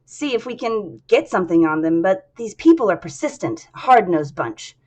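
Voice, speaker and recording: A woman's voice: mid-range voice, sing-song, moderate pace, darkish tone. A woman voicing a tired middle-aged security chief reporting to his boss in a clipped, defensive way. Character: hard-pressed male security chief, ex-cop.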